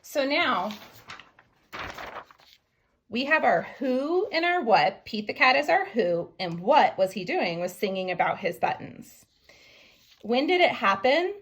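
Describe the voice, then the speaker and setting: A woman teacher talks young children through a writing lesson at a very unhurried pace. She sounds out each word letter by letter. Her voice carries a gravelly, creaky edge. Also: a little high, very animated, a bit bright. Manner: slow, sounding out words letter by letter.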